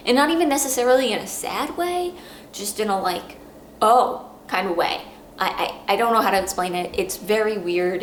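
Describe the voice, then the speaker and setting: Earnest rambling woman in a roomy space. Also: medium pitch. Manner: rambling, halting, many restarts; earnest and emotional. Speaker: podcast host. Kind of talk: casual book review monologue. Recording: roomy echo, faint background hum.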